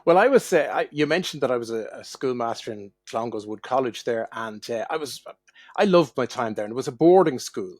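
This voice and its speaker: A man's voice: medium pitch, animated, brisk, a little mellow, no echo. Irish man telling wry anecdotes. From Ireland. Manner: wry, self-deprecating anecdotes. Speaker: guest. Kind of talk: casual interview storytelling. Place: home, remote call.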